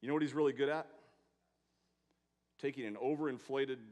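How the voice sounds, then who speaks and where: A man preaching a sermon, swinging between loud emphatic proclamations and quiet asides, with rhetorical questions and long lists. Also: medium pitch. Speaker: pastor. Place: church sanctuary. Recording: long hall reverb in a church.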